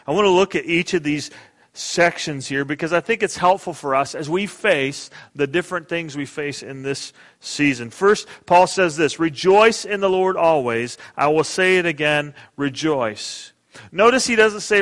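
A middle-aged man preaching a sermon as pastor, earnest and emphatic, dropping soft and quiet in prayer. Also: a little high, moderate pace, in a large hall.

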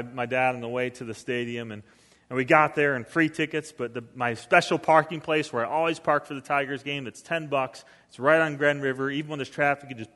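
A middle-aged pastor, preaching a sermon with lively storytelling and sudden swings between loud and soft. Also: male voice, mid-range voice. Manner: storytelling with acted quotes, animated swings in volume. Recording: long reverb of a hall.

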